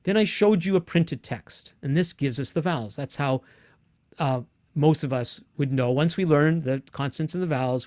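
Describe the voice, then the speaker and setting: A man's voice: fairly high pitch, normal speed, a little mellow, no echo, clean studio sound. A man teaching a Bible course online, explaining words patiently and often restarting his sentences. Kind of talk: online lecture with screen share.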